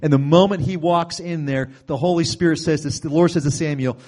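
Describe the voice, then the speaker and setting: A man preaching a sermon with a somewhat high voice. He retells the story casually and conversationally, then breaks into sudden loud bursts. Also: brisk.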